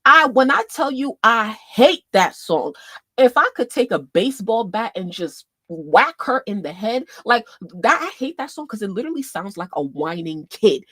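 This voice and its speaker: A woman hosting a casual livestream, animated and swearing freely, swinging between loud outbursts and quiet asides. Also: mid-range voice, moderate pace, slightly rough, dry recording. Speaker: livestream host.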